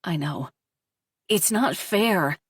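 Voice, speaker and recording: A woman reading the lines of a loving, steady mother in a storybook, with a gentle, reassuring manner. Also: lowish voice, slow pace, husky, no room sound, studio quality, full character voice. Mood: honest.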